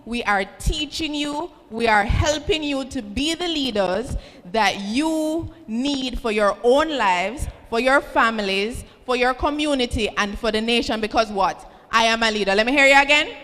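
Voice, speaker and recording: A woman with a Jamaican accent hosting a student event, energetic and teasing, calling for responses from the crowd. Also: fairly high pitch, measured pace. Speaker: event host. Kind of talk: motivational address to students. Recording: reverberant hall, faint ambient noise.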